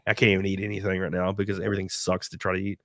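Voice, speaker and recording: A man's voice: low voice, completely flat delivery, very fast, a bit bright, no room sound, clean studio sound. A man with a cold hosting a casual live stream chat, rambling, laughing often and reading out viewer donations. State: sick with a cold. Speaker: stream host.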